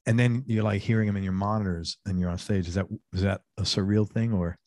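A man hosts a casual interview, asking long, enthusiastic, rambling questions. His voice sits a little low. The sound is close and dry, with no room echo. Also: fairly even intonation, quick pace, a little mellow. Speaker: interview host.

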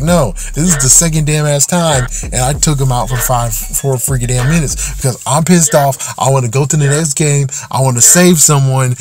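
A man on a gaming channel ranting about an online match, voice pitched a little high, cursing constantly and sounding fed up. Music runs clearly underneath him the whole time. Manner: ranting, frequent swearing, exasperated. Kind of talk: angry gaming rant.

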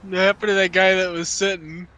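A man's voice: sits high, level tone, brisk, bright, forceful tone. A man chatting casually while playing a game with friends, joking and swearing often. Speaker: gamer streaming with friends.

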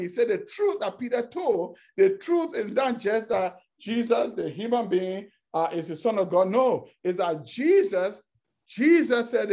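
A man's voice: sits high, a little mellow. Male preacher, emphatic sermon delivery, repeats phrases, acts out quotes.

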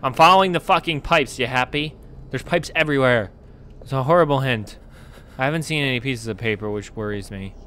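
A man's voice: mid-range voice, fairly quick, bright, forceful tone, a little hiss or hum. A young man commentating a horror game as he plays, jumpy and panicky, breaking into screams and swearing when something startles him. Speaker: gaming YouTuber.

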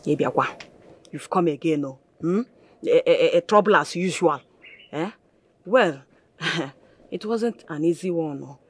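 A woman's voice: low-pitched, expressive, a little slow, pauses often. A fussy old Igbo mother. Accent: Nigerian, Igbo. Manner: fussy, full of exclamations. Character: worried old village mother. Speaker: village mother. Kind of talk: Nollywood film acting.

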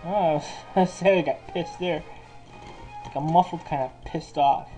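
A man talks over his gameplay in an unhurried, relaxed drawl and swears nearly every line. His tone is mellow and dark, and faint game music plays behind him. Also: on the high side, low-quality recording. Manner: profane, cursing constantly. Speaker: gameplay commentator. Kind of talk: casual game commentary.

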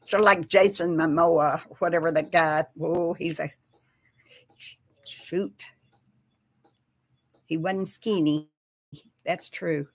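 A middle-aged woman with a Texas accent hosts a relaxed live chat. She rambles in a homey, friendly way and keeps turning to her viewers with y'all. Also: low-pitched, slow pace, pauses often, breathy edge. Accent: Texan.

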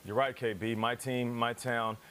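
A man's voice: medium pitch, flat delivery, normal speed, fairly bright tone. A man on a sports talk panel, speaking conversationally and posing rhetorical questions.

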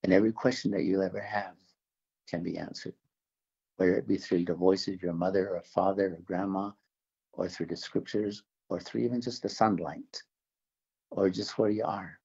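A man from the Navajo Nation, older, giving an earnest religious testimony in an interview, halting and restarting his words. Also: low voice, steady tone, a little mellow, highs cut off. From Navajo Nation, American Southwest. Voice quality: gravelly, husky. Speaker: interview guest.

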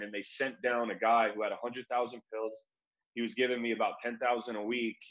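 A young man from the United States, an MMA fighter, tells a long story in loose, slangy talk, throwing in "like" and "bro" as he goes. His voice sits at an ordinary middle pitch for a man. The recording sounds a little dull and lo-fi. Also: a bit bright. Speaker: MMA fighter being interviewed. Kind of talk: casual storytelling.

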